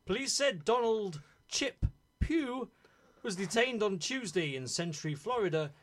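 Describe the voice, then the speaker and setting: A man co-hosting a comedy podcast, reading a news story in a mock-formal newsreader way. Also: high-pitched. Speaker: co-host.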